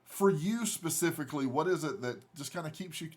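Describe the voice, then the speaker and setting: A man's voice: a little high, animated, brisk, breathy edge. A man hosting a casual interview who asks meandering questions with many restarts. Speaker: interview host.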